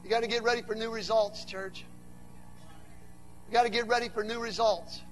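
High-pitched guy preaching slow, jokes around then gets loud and fired up, faint music under it. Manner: animated preaching, rising to shouts, humorous asides. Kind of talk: sermon.

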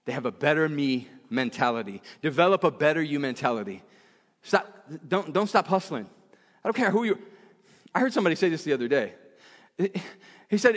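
A high-pitched male preacher delivers a sermon, pressing points by repeating them and restarting phrases mid-thought. His voice rings out with a long reverb from a church hall. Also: animated, brisk. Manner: emphatic, repetitive, frequent restarts.

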